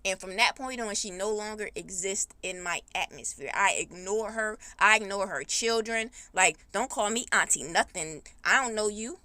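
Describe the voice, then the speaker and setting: A woman hosting a podcast, telling a personal story in a blunt, heated, animated way with speech. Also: medium pitch, moderate pace, few pauses, no echo. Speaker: podcast host. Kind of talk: casual storytime monologue.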